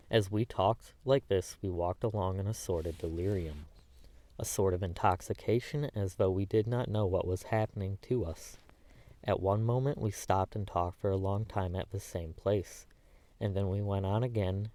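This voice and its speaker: A man's voice: low voice, warm tone, dry recording. A man narrating a classic novel as an audiobook, reading the dialogue plainly with little change of voice between the characters.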